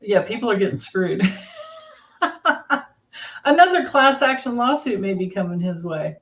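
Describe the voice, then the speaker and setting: A woman's voice: mid-range voice, expressive, a little slow, a bit bright. A middle-aged woman hosting a casual tarot livestream, chatting and greeting viewers by name with frequent laughter.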